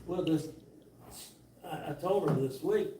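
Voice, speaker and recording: High-voiced man, distant and roomy. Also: a little slow, dark tone, slight background noise. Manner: telling a short anecdote. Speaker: class member. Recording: distant, roomy sound, off the mic.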